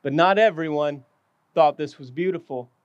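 A man preaching a sermon with passion, often dropping low and slowing down to stress his words. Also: clear, resonant tone, dry recording, muffled recording. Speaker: pastor.

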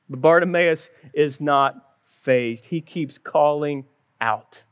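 A male pastor delivers a sermon in a high, unhurried voice. He speaks earnestly, telling the story slowly. The sound is close and dry. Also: smooth, no room sound, muffled recording. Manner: earnest, storytelling with acted quotes.

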